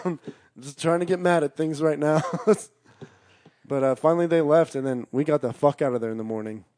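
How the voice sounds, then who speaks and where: A man telling a long story in casual chat, rambling, swearing constantly, and shouting out the lines of the people he quotes. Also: fairly high pitch, fairly quick, no echo. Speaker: storyteller guest.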